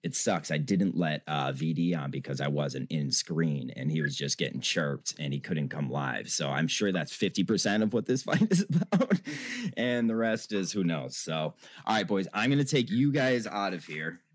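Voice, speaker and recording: A man's voice: extremely low pitch, animated, normal speed, dry recording. A man hosting an online show, talking casually, laughing often and swearing freely. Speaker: show host. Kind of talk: casual chat.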